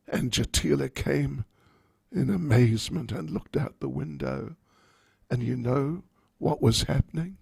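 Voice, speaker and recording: A monk giving a sermon, telling a story in an animated, playful way. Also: male voice, mid-range voice, unhurried, vocal fry, slightly rough, no room sound.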